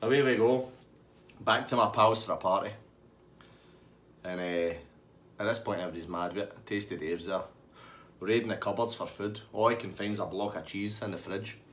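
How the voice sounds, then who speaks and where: A man with a Scottish accent telling a sweary, animated pub story and acting out everyone in it. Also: lowish voice, moderate pace, pauses often. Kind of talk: casual anecdote.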